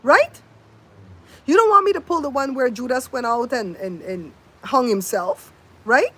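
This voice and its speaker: Unhurried yet pushed and bright, this older woman's high-pitched voice has lively intonation and a breathy edge. She hosts a casual outdoor livestream with faint wind in the background, telling stories, mimicking sounds, and speaking to viewers by name.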